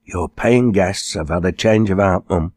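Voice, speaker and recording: A man's voice: sits low, unhurried, a little mellow, no echo, clean studio sound. A man voicing a cheerful, reassuring young woman from a farm family, in an audiobook. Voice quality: upbeat, reassuring.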